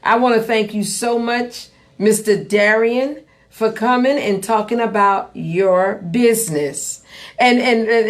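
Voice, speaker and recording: Slow-talking woman podcast host. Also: mid-range voice. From Savannah, Georgia. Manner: chatty, addresses listeners as "y'all", repeats herself for emphasis. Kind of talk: casual live-streamed talk show.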